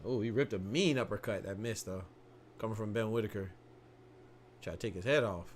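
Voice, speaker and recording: A young man giving casual live commentary on a boxing match, slangy and excitable, often restarting sentences and laughing. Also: fairly low pitch, a little fast, a little hiss or hum.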